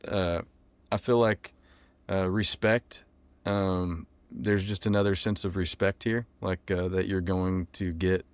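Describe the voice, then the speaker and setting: A young man, talking casually in an interview with lots of ums and pauses. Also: low voice, clear, resonant tone, no echo. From Texas. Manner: relaxed, many ums and restarts. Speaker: musician guest.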